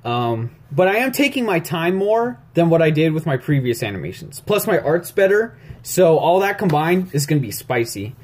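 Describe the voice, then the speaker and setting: A man's voice: fairly high pitch, sing-song, moderate pace, few pauses, a little mellow. A young man talking through an animation tutorial as he draws, rambling and jittery, mumbling to himself and joking at his own expense. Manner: rambling, jittery, self-deprecating, talks to himself while drawing. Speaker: YouTube animation tutorial maker. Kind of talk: casual screen-recorded tutorial. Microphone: phone recording.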